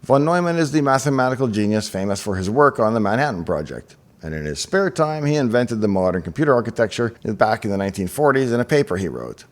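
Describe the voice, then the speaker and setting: A man's voice: medium pitch, big pitch swings, quick pace, hardly any pauses. A man hosting a scripted explainer, telling the story with enthusiasm and chatty asides. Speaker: host.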